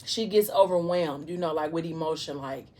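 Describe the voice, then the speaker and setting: A woman with a somewhat low voice chats over a meal in the style of a casual vlog. She retells a story in an animated way and throws in playful asides. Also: moderate pace. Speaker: vlogger. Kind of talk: casual storytelling during a mukbang.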